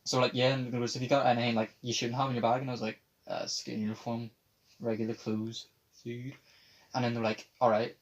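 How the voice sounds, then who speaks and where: A man's voice: mid-range voice, level tone, brisk, lo-fi sound. A young man, telling a rambling, sweary story on a casual podcast. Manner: rambling, swears a lot, mimics others in quotes. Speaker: podcast host. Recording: faint background noise.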